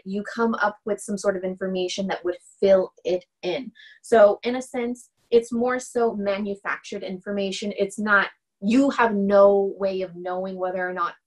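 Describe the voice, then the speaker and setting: A woman instructor talks through a lecture in a relaxed, conversational way. Her voice sits at a middle pitch for a woman. She keeps checking in with her listeners and slips into lively voices to act out examples. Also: rough recording. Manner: conversational, often checks in with "right?"; acts out example dialogue in animated voices. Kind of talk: casual recorded lecture.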